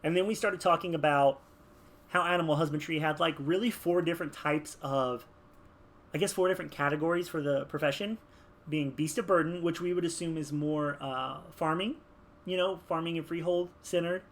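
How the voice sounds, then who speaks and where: A man's voice: a little high, normal speed. A man chatting casually while building a game character, rambling with lots of fillers. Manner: rambling, filler-heavy, animated. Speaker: gaming video creator.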